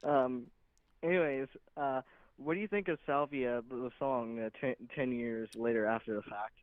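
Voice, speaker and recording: A man's voice: mid-range voice, normal speed, dry recording. A man hosting a casual interview, asking questions hesitantly with many ums and uhs. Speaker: interview host. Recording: tinny phone-like line.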